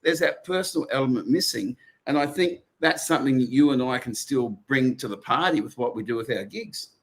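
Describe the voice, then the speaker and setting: A man's voice: mid-range voice, animated, brisk. Rambling middle-aged Australian man. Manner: rambling storyteller with many restarts. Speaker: podcast co-host. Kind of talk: casual chat.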